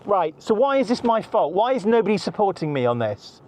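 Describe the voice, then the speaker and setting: A man's voice: sits high, very animated, a little fast, a little mellow, a little hiss or hum. A middle-aged man, a podcast host delivering an angry, stressed monologue full of swearing and repetition. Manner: angry, heavy swearing, repeats himself. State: stressed and agitated. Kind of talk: ranting monologue.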